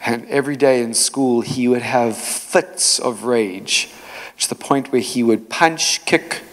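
A man preaching a sermon in a church, telling stories in an animated way with many asides. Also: medium pitch, takes it slowly. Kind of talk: storytelling sermon. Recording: long hall reverb.

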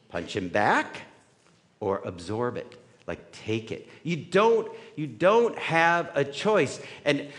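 This male pastor's voice is fairly high and a bit bright. His sermon feels like a conversation, with frequent "right?" check-ins to the audience, and the recording echoes with the reverb of a hall.

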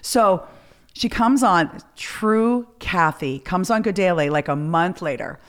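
A middle-aged woman hosting a casual chat, telling a story in a lively way, swearing freely and acting out what people said. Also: on the low side, unhurried. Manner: animated, swears freely, acts out quotes. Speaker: podcast host.

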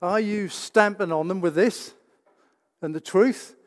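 A man's voice: high voice, measured pace. A man preaching a sermon in a church, emphatic and full of rhetorical questions. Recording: reverberant church hall.

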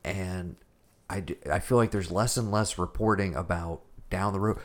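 A man's voice: low voice, fairly even intonation, normal speed. A man co-hosting a podcast in casual chat, thoughtful and hedging, often restarting his sentences. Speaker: podcast co-host.

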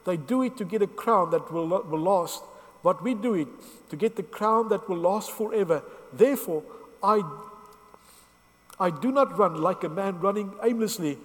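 A man preaching a sermon in an earnest, halting way, often restarting his sentences, and emotional as he speaks. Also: sits high, big-room sound.

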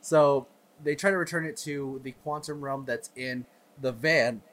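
A man's voice: mid-range voice, unhurried, a bit bright. A man co-hosting a podcast, eagerly retelling movie scenes in casual chat. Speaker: podcast co-host.

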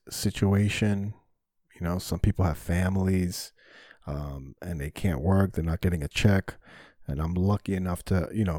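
A man's voice: low-pitched, warm tone, dry recording, studio quality. A man hosting a solo podcast, talking candidly and rambling, often swearing when frustrated. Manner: candid, self-reflective. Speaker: podcast host.

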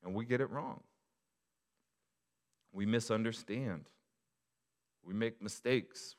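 A male pastor preaching a sermon to his church, moving from quiet reflection to loud, emphatic appeals. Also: fairly low pitch, slow pace.

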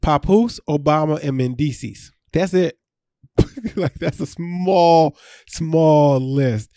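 A man's voice: a little high, takes it slowly, warm tone, no echo, clean studio sound. A man co-hosting a podcast, recapping a reality show in loose casual chat and laughing often.

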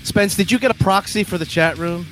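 A man's voice: high-pitched, a little fast, fairly bright tone, soft background music. A man co-hosting a casual podcast, joking and teasing the guests. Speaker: podcast co-host.

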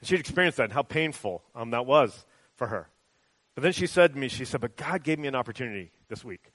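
A middle-aged pastor preaches a sermon conversationally, often checking in with "right?". His medium-pitched voice is fairly bright, with lively intonation and a quick pace, and there's no room sound.

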